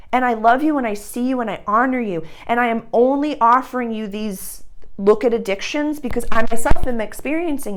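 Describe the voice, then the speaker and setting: Tender rambling woman astrology reader. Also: a little high. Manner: affectionate, addresses the listener as dear and honey; occasional blunt swearing. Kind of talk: intuitive astrology reading to viewers.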